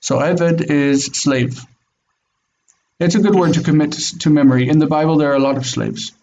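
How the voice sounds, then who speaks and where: Through dull, faintly noisy lo-fi audio, a man teaches Hebrew in an online class, patient in his explanations and quick with encouraging "mm-hmm"s. His voice is fairly high and a little mellow, with fairly even intonation at normal speed.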